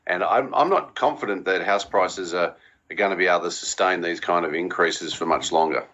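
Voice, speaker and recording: A man with a very deep, low voice gives measured expert commentary. He explains steadily and states his views firmly. The audio is dull and lo-fi. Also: a little hiss or hum. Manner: steady, explanatory, firm opinions. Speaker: economist guest.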